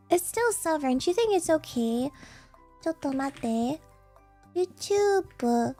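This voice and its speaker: A woman's voice: high-pitched, animated, slow pace, mellow, soft background music. A bubbly young woman VTuber chatting casually on a livestream, slipping in Japanese phrases. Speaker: VTuber streamer.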